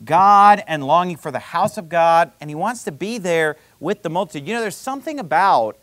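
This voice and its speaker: A man with a high voice preaches a sermon, reading verses and pressing his points home with emphatic, building intensity. The sound is dry and close, with no room echo around him. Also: animated, normal speed, a bit bright. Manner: emphatic preaching, quoting scripture with rising intensity. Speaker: pastor.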